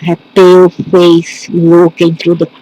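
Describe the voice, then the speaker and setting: A woman telling a personal story in a reflective, earnest monologue, halting often and restarting her sentences. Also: fairly low pitch, completely flat delivery, dark tone, poor audio. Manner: earnest and tender. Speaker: spiritual speaker.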